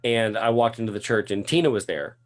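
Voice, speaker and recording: A man hosting a casual catch-up chat, telling a story in a lively way with frequent laughs and restarts. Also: on the low side, fairly quick. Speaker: podcast host.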